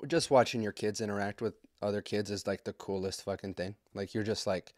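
A man's voice: medium pitch, no echo. Profane joking man, dry close sound. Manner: profane, rambling and joking, with quick asides. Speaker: podcast host. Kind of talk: comedic storytelling.

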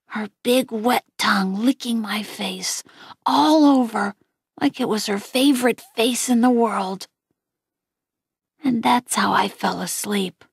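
A woman reading a first-person novel aloud in a quiet, gentle voice that often drops near a whisper. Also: mid-range voice, breathy edge, dry recording, studio quality. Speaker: audiobook reader.

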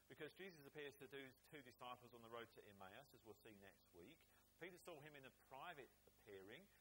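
Animated English preacher with a lively voice. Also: male voice, medium pitch, slight background noise, poor audio. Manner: animated, acts out the characters' lines. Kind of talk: sermon. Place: church.

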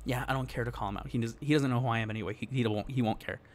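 This gaming YouTuber races through a worked-up, exasperated rant at a medium pitch. He addresses his viewers directly in casual slang.

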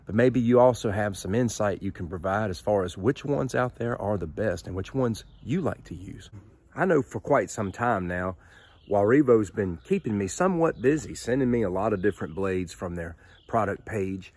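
A man with a Southern drawl talks in a relaxed, folksy way, speaking straight to his viewers. His voice sits a little low. He chats like he's sharing with friends. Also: moderate pace, husky. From Southern United States. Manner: folksy and chatty, addresses viewers directly. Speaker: knife reviewer. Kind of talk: casual product review vlog.

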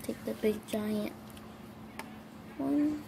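A woman with a high, light voice plays out a doll shopping trip, chatting to herself in a halting way full of little fillers. She speaks at an unhurried pace. The recording carries a clear layer of background noise from a home setting. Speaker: doll-play narrator. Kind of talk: playful toy role-play narration.

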